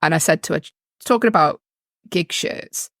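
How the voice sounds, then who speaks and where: A woman's voice: sits low, moderate pace, fairly bright tone, no room sound, studio quality. A middle-aged woman co-hosting a podcast, telling self-mocking stories in casual chat and laughing often. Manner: chatty, self-mocking storyteller who laughs a lot. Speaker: podcast co-host.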